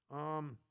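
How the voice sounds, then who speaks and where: Older man with a gravelly, rambling delivery. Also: a little high, fairly bright tone, dull audio. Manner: rambling, anecdotal, many fillers and restarts. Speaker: pinball designer giving a talk. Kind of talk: casual conference talk. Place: conference hall talk.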